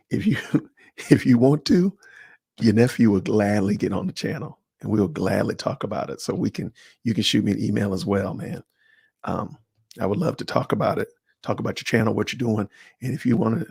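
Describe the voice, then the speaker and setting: A man hosting a livestream, chatting casually and answering viewers by name in an animated, slangy way. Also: lowish voice, vocal fry, husky, no echo, clean studio sound. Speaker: livestream host. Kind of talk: casual livestream chat reading comments.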